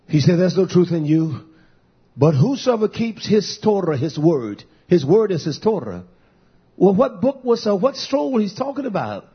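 Man preaching, fiery confrontational sermon, husky high voice, dull lo-fi sound. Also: sing-song, moderate pace. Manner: preachy, confrontational, swings loud and soft. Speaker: pastor.

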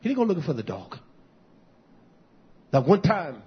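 Fiery high-voiced male preacher. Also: big pitch swings, normal speed, breathy edge, dull audio. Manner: fiery preaching, swinging from shouts to low mutters. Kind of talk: sermon.

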